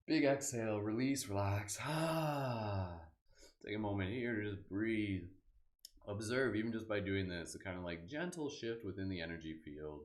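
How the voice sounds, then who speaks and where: A man hosting a live guided meditation, speaking in a relaxed, casual way full of "like" and "kind of", leading affirmations and laughter breathing. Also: on the low side, moderate pace, echoey room. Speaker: meditation host.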